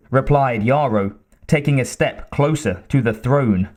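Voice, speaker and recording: Male narrator, mid pitch, very slow measured audiobook reading. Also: a little mellow. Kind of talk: scripted narration.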